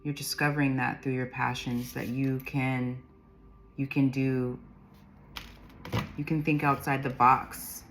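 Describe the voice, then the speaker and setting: A woman's voice: very deep voice, little pitch movement, measured pace, long pauses, soft background music. A woman giving an intuitive tarot reading, rambling through the cards, reading their meanings aloud and laughing often. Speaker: tarot reader.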